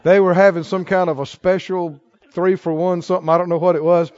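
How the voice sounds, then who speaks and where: A man preaching a sermon, telling stories with big swings from quiet asides to near-shouts. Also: high voice, flat delivery, fairly quick, lo-fi sound.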